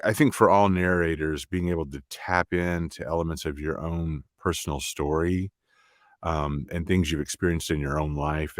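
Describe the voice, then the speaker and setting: A middle-aged man from the American South, an audiobook narrator chatting in an interview in a halting way with many restarts. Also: sits low, dry recording, clean studio sound. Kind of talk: casual interview chat.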